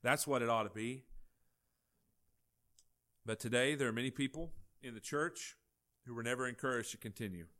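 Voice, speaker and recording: A male pastor, preaching a folksy, animated sermon with acted-out dialogue. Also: medium pitch, moderate pace, long pauses.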